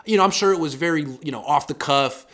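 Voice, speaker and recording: A man in his thirties hosting a casual sports talk show, animated and acting out quotes in swinging voices. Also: fairly high pitch, fast talker.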